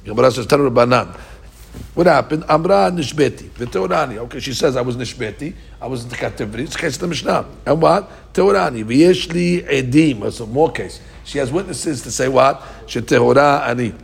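Gravelly-voiced man teaching Talmud. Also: medium pitch, lively intonation, brisk. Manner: translates Aramaic phrase by phrase with frequent restarts. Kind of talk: Talmud study lesson.

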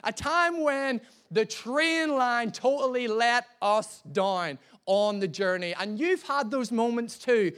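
High-voiced man preaching. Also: takes it slowly, few pauses. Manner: lively, humorous storyteller. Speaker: pastor. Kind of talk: sermon with personal storytelling.

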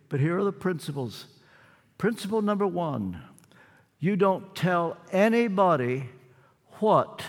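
An older man preaching a sermon, earnest and dramatic, with repetition and long pauses. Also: high-pitched. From United States. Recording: long hall reverb.

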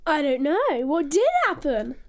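A woman's voice: high-pitched, big pitch swings, a little slow. A woman co-hosting a casual podcast, answering questions in a playful, jokey way. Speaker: podcast co-host.

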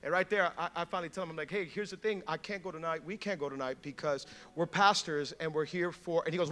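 A male pastor telling a story in a sermon, animated, acting out quotes and laughing often. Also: high voice, quick pace.

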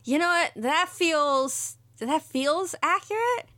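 A woman's voice: high-pitched, lively intonation, slow pace, sharp tone. A young woman co-hosting a podcast, chatting in an easygoing way and retelling anime scenes. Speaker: podcast co-host. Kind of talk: casual anime recap chat.

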